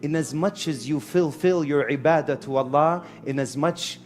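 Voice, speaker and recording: A man preaching a live sermon in an animated way, calling on the audience. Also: a little high, moderate pace, faint music behind.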